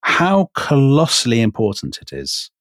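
A man's voice: mid-range voice, huge pitch swings, moderate pace, fairly bright tone, no echo, studio quality. A man co-hosting a history podcast in casual chat, amused and chatty. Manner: amused, chatty, laughs often. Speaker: podcast co-host.

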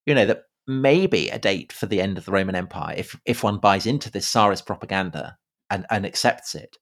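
A man co-hosting a podcast in a casual conversational style, halting often with fillers and repeated words. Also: on the low side. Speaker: podcast co-host. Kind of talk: casual conversational history chat.

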